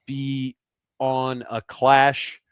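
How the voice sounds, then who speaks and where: A man co-hosting a casual sports podcast. He weighs his opinions aloud and often repeats words as he goes. The voice is mid-pitched and recorded dry and close. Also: completely flat delivery, very slow, clear, resonant tone, no room sound, dull audio. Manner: thoughtful, repeats words as he thinks. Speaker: podcast co-host.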